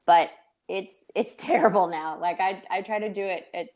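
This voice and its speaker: A podcast co-host from Tennessee with a light Southern accent speaks in a medium-pitched, slightly mellow voice, steady in tone and moderate in pace. Her casual chatter is full of fillers like "like" and "um."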